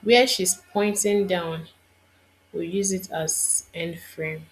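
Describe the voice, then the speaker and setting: A woman's voice: lowish voice, fairly even intonation, slow pace. A woman instructor giving a screen-recorded tutorial, thinking aloud and muttering to herself as she works.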